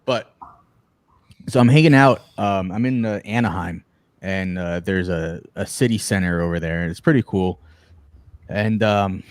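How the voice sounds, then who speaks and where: A man with a low voice tells stories in a relaxed chat, slipping into other people's voices and laughing as he goes. The sound is dry and close, with little room around it. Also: dry recording. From New Jersey. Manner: animated storyteller, acts out quotes, laughs a lot. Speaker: podcast co-host. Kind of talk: casual storytelling chat.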